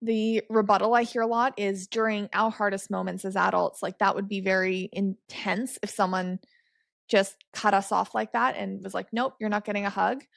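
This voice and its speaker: A woman hosts a relaxed podcast conversation, asking curious, probing questions and laughing often. Her voice is heavy with vocal fry. The recording is close and dry. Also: mid-range voice, moderate pace, no echo. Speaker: podcast host. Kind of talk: casual podcast chat.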